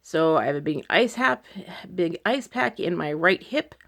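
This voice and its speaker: At home, a woman vlogger speaks to her followers in a personal video diary, rambling with plenty of fillers while sounding anxious and close to tears. Her voice is lowish, animated and creaky, at a measured pace.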